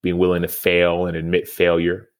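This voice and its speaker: Earnest man with a very low voice. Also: completely flat delivery, moderate pace. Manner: earnest, reflective storytelling. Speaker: podcast guest, former football player. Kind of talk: storytelling interview answer.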